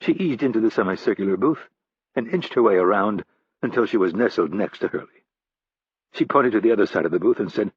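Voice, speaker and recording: A man narrating a thriller audiobook in a measured, steady way. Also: lowish voice, breathy edge, dry recording, lo-fi sound.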